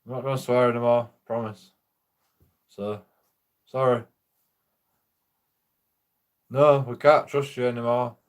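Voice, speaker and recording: A man's voice: medium pitch, level tone, unhurried, long pauses. A man casually telling a rambling, profane story while streaming a game, laughing often.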